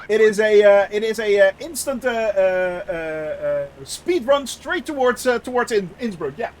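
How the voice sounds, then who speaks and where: A young man chats through his flight-sim stream in a fairly high voice that rises and falls a lot, laughing easily and leaning on fillers. A faint hiss of noise sits behind him. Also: expressive, a little slow. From Netherlands. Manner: chatty, laughs often, many fillers. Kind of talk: casual live-stream commentary.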